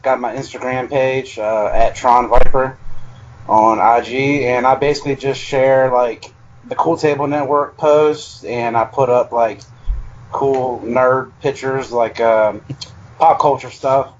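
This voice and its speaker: Relaxed man with lots of fillers. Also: medium pitch, unhurried, slight background noise. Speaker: guest. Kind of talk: casual chat. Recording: lo-fi call audio.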